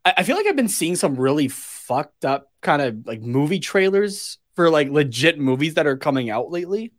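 Rambling, slightly high-voiced man. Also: very animated, moderate pace. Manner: rambling, swears freely, laughs at himself. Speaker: podcast co-host. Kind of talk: casual chat.

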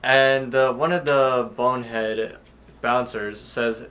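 A young man co-hosting a podcast, giving a plain, steady recap of a cartoon episode. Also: mid-range voice, takes it slowly. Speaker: podcast co-host. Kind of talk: casual chat.

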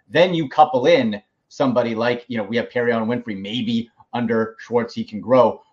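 A man hosts a casual sports podcast with a middle-pitched voice. He talks emphatically and jumps in quickly when his guest is speaking. The audio sounds dull and lo-fi. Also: darkish tone. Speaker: podcast host.

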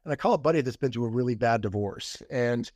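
A man's voice: medium pitch, fast talker, a little mellow, no room sound, clean studio sound. A middle-aged man as a podcast guest, candidly telling a personal story in casual conversation and acting out the quoted lines. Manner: candid, acts out quoted dialogue.

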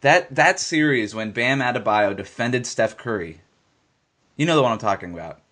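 Man, mid-pitched voice, podcast co-host; emphatic and repetitive when driving home a point. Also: lively intonation, moderate pace, a bit bright. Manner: emphatic, repeats points for stress. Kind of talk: casual sports talk.

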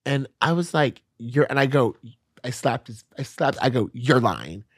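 A young adult man chatting as a podcast guest, telling lively stories with many restarts and laughs. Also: medium pitch, moderate pace, slight background noise. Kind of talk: casual chat.

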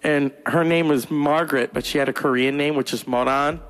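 A young man from California doing crude, profane stand-up storytelling, putting on shrill voices for other people. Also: steady tone, brisk. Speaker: stand-up comedian. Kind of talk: stand-up monologue.

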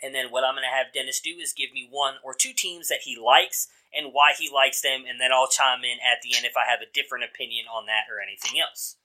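Bright-voiced man hosting a podcast. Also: mid-range voice, fairly even intonation, a little fast, hardly any pauses. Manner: chatty, laid-back, loose phrasing with fillers. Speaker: podcast host. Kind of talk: casual podcast chat.

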